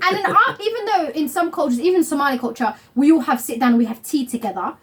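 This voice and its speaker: Animated high-voiced woman. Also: brisk. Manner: animated storyteller, acts out quotes. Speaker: vlogger. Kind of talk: casual chat.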